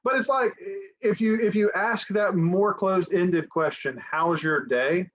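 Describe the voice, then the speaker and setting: A man's voice: sits high, moderate pace, fairly bright tone, muffled recording. A man co-hosting a business podcast in casual chat, easygoing, cutting in with jokes. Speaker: podcast co-host.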